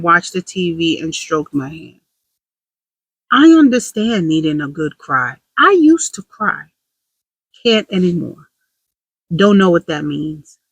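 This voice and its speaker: A woman's voice: lowish voice, fairly bright tone, no room sound, poor audio. A woman talking candidly to camera in a casual confessional vlog, rambling with self-deprecating humor. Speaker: vlogger.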